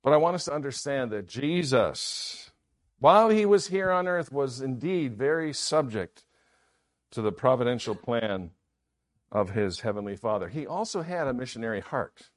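A man's voice: mid-range voice, animated, normal speed. A man preaching a sermon in an earnest manner, often repeating key phrases.

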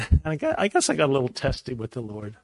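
A man preaching a sermon, telling a personal story in a lively way and acting out the voices in it. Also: medium pitch, quick pace, no echo. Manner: animated storyteller, acts out voices.

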